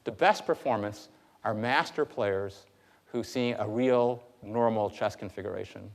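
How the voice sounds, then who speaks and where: A male university lecturer giving a classroom lecture in a hall, talking in a lively, conversational way with frequent fillers. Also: fairly low pitch, unhurried, gravelly.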